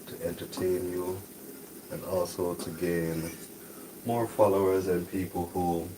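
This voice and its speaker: A very deep-voiced man hosting a cooking stream from his home kitchen. He talks softly and chats easily with his viewers. Sizzling and boiling pans are plainly heard behind him. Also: a little slow, background noise. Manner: talks softly, relaxed and chatty. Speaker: cooking channel host. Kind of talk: soft-spoken live cooking stream chat.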